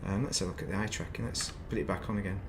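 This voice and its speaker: A man's voice: low voice, very fast, creaky, noisy background. A man chatting casually while playing a game on stream, rambling between topics with self-deprecating asides at his desk mic. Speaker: gaming streamer.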